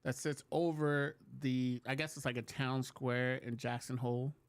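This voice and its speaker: A relaxed man hosts a talk show and spins a jokey story. His voice sits in a middle pitch, and the recording is dry and close, with no room echo. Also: normal speed, clean tone. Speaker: show host. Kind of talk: casual talk show conversation.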